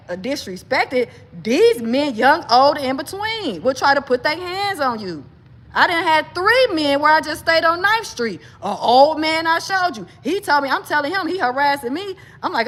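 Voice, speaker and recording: A woman with a somewhat high voice delivers an emphatic personal monologue to her viewers. She keeps addressing them directly and pushes hard on every point. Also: big pitch swings, moderate pace. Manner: emphatic, talks straight to viewers as y'all; grows agitated and loud, pitch climbing. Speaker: vlogger.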